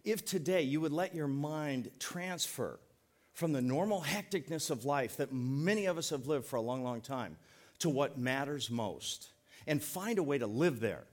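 A middle-aged man preaching a sermon as pastor, folksy and joking, leaning on words by slowing down. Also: on the high side, lively intonation. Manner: folksy, joking, emphatic preaching with slowed stresses.

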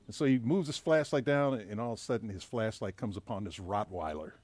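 A man's voice: lowish voice, brisk, a little mellow, no echo. A man preaching as a pastor, telling a joke story in a casual storytelling way before moving into the sermon. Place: church.

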